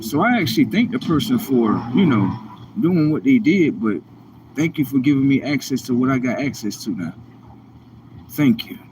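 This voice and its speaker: A man's voice: mid-range voice, a little hiss or hum. A man hosting a live stream, talking to himself in a rambling, repetitive way with casual slang. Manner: animated, repetitive self-talk with slang. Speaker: livestream host.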